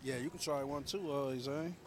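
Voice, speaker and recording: A man's voice: medium pitch, moderate pace. A man vlogging food reviews at an outdoor market, hyped and slangy, calling everyone man. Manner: hyped slangy chatter, says man a lot. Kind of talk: casual food review vlog.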